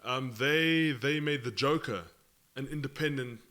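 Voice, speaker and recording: A man's voice: mid-range voice, measured pace, pushed and bright. A man in casual chat, hesitating and trailing off.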